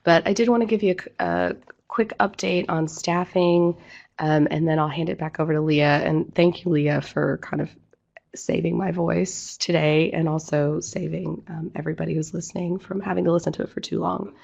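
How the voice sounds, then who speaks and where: A woman who has nearly lost her voice speaks in a croaky, gravelly rasp, a little low in pitch. She gives an online update in a businesslike, apologetic way with scattered fillers. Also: fairly even intonation, moderate pace, a little mellow, muffled recording. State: hoarse, losing her voice. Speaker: executive director giving an update. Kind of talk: online presentation.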